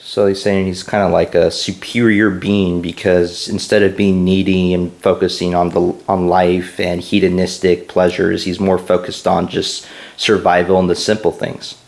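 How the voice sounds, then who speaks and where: A man off camera casually prompting a friend with quick, curious questions. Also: sits low, level tone, vocal fry, a little mellow. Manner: brief, curious prompts and interjections. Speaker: interviewer behind the camera. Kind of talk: casual chat.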